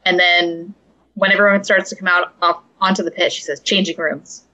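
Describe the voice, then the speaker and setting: A woman co-hosting a podcast in casual chat, making quick, amused quips. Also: lowish voice, level tone, pushed and bright, poor audio. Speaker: podcast co-host.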